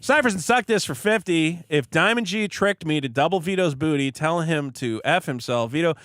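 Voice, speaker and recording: A man's voice: fairly high pitch, animated, moderate pace, fairly bright tone, no room sound, clean studio sound. A man who is sick, casually co-hosting a podcast, reading out donation messages with offhand mumbled asides.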